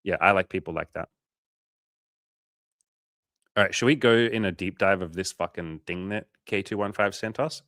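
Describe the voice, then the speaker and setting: Lively low-voiced man telling a story. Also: normal speed, pauses often, no echo, studio quality. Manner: animated storytelling, swearing, acting out quoted dialogue. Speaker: coach and livestream host. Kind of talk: casual livestream chat answering viewers.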